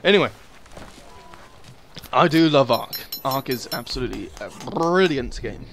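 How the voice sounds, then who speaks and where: A man's voice: medium pitch, expressive, a little slow, a bit bright, a little hiss or hum. Sweary man muttering over gameplay. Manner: muttering, sweary, jumpy asides to himself. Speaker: gaming video host. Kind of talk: casual gameplay commentary.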